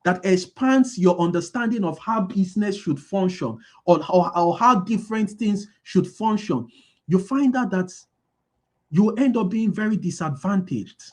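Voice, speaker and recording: A man's voice: sits high, lively intonation, measured pace, darkish tone. A man giving a motivational business talk, repeating key lines and asking his listeners to fill in the answers. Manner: asks the audience call-and-response questions. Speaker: business speaker.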